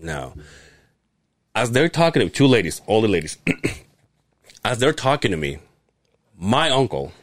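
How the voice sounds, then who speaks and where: A man co-hosting a podcast, telling a story in a casual chat, laughing and swearing and jumping up in pitch to act out the people he quotes. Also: big pitch swings, a little slow, pauses often, dry recording, studio quality. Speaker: podcast co-host.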